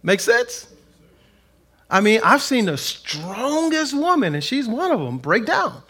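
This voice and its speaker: A middle-aged pastor preaching a sermon, animated, acting out quotes in a raised voice. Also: male voice, very high-pitched, takes it slowly, husky.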